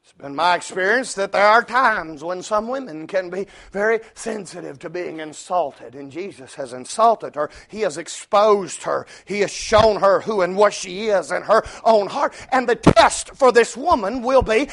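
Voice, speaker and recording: A male preacher, delivering a sermon that swings from low asides to shouted climaxes. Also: animated, moderate pace, few pauses.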